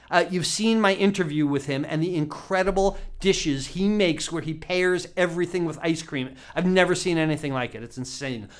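A man's voice: sits high, fairly bright tone, clear, resonant tone. Chatty male cooking instructor. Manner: chatty, asks the viewer questions, laughs often. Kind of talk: casual teaching talk to camera.

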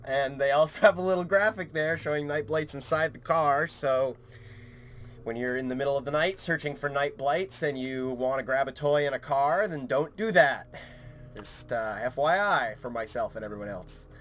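A man's voice: medium pitch, normal speed, a bit bright, a little hiss or hum. A man commentating a horror game into a headset mic, frantic and yelping, swearing constantly. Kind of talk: panicked horror-game let's play commentary.

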